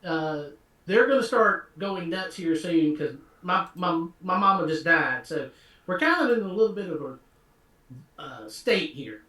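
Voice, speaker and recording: A man's voice: a little high, expressive, measured pace, pushed and bright, echoey room, distant mic. A man playing a tabletop game, talking eagerly and tripping over his restarts. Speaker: player. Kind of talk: tabletop role-play chat.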